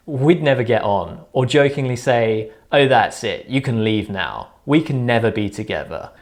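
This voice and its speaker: Male dating coach, mid-pitched, dry deadpan delivery, scripted advice to camera. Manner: dry, measured delivery with deadpan example lines.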